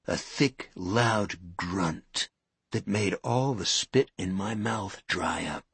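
A man reading a story aloud as narrator, with a measured, suspenseful delivery. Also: low-pitched, creaky, bright, forceful tone, breathy edge, no room sound. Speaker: audiobook narrator. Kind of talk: scripted narration.

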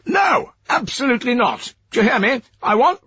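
A man's voice: very high voice, very animated, moderate pace, sharp tone, breathy edge, no echo, muffled recording, pitched above the performer's own voice, heavily acted. A man putting on a distant, impatient male official. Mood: angry. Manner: commanding and impatient. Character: exasperated senior male official on a phone.

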